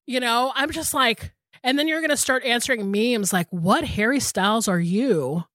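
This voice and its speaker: A woman's voice: on the high side, moderate pace, a bit bright, no echo, clean studio sound. A woman in her thirties co-hosting a podcast, telling a story in casual chat with lots of "like" and some swearing. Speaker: podcast co-host.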